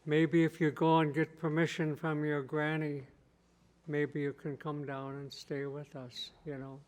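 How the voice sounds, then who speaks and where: A stern old grandfather of the underwater people, slow and firm, his voice pitched a little high and held level, as a male storyteller puts him on. He speaks with quiet authority in a told tale. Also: level tone, natural voice. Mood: measured. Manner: stern, unhurried.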